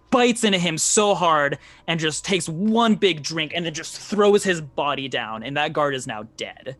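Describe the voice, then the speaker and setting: A man narrating as game master of a live tabletop game, animated and swearing freely, with many restarts. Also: on the high side.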